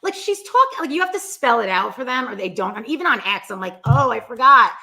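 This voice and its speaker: A woman in casual chat, animated and exasperated, often mimicking the people she complains about. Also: on the high side, fast talker. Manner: animated, exasperated, quotes people in mocking voices.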